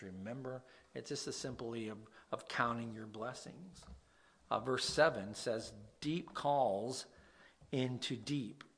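Man preaching a conversational sermon. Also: medium pitch. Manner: reads scripture slowly, then explains in a plain conversational way.

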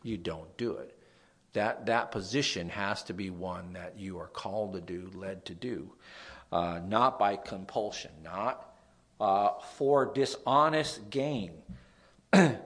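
A young man with a nasal voice, a pastor preaching a sermon, dropping to soft asides and rising to loud emphasis. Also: lowish voice, animated, unhurried.

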